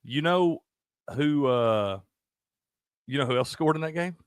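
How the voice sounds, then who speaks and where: A man's voice: fairly high pitch, measured pace, clear, resonant tone, no echo, clean studio sound. A man co-hosting a casual sports betting chat, cursing freely and laughing often. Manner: profane, animated, laughs a lot. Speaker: sports betting show co-host.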